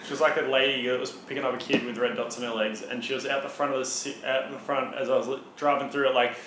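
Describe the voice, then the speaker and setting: A man's voice: medium pitch, level tone, fast, reverberant, background noise. A young Australian man hosting a podcast, telling rambling stories and swearing freely. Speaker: podcast co-host. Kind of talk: casual chat.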